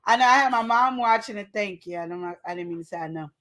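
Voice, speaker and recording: A woman with a mid-range, fairly bright voice talks fast as she hosts a casual live show. She's an adult with a child, chatting and teasing her viewers directly in relaxed live-stream banter.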